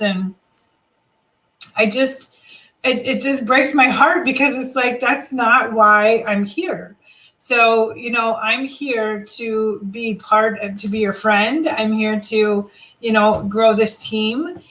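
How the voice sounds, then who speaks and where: A woman's voice: a little high, steady tone, takes it slowly, fairly bright tone, rough recording. A woman leading a live team video chat, talking casually and motivationally, rambling with fillers and restarts. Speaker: team leader.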